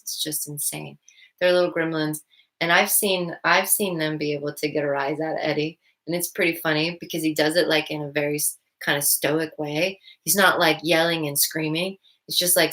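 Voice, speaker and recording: A woman's voice: deep voice, vocal fry, a bit bright. A woman vlogger talking through her thoughts in a casual, rambling way, full of restarts and "like" fillers. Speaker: vlogger and stepmom. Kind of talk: casual reflective monologue.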